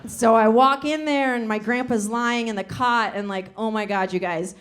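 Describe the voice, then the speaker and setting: Young woman stand-up comic, chatty storyteller with deadpan punchlines, voice a bit on the high side. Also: normal speed. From Soviet Union. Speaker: stand-up comedian. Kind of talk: stand-up comedy. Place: comedy club stage.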